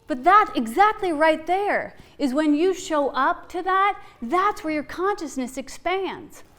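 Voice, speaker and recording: A woman's voice: extremely high pitch, lively intonation, a little slow, bright, forceful tone. A middle-aged woman giving a heartfelt inspirational Easter talk, earnest and laughing often, repeating phrases for emphasis.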